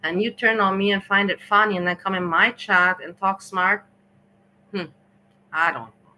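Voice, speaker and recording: A woman's voice: medium pitch, steady tone, moderate pace, bright, forceful tone, rough recording. A woman hosting a livestream, ranting indignantly and scolding someone over and over. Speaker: livestream host.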